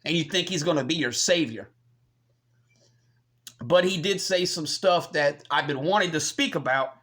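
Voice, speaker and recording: A man's voice: on the high side, moderate pace, fairly bright tone. A man from the United States delivers a combative rant to his channel's viewers, packed with swearing. He sounds scornful and confrontational the whole way through. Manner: combative, profane, scornful ranting. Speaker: channel host. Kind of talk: ranting commentary.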